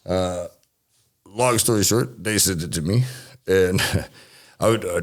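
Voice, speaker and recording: A man's voice: deep voice, takes it slowly. A man in his late forties from the United States, telling his story as an interview guest and acting out the people in it. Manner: animated, acts out voices in his stories, laughs often. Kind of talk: casual storytelling.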